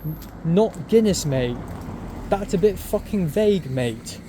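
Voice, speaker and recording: A man's voice: high-pitched, animated, a little slow, dark tone, a little hiss or hum, pitched above the performer's own voice. A man putting on the voice of a brusque, sarcastic British bartender with a British accent, mocking a customer's order. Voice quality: curt, mocking.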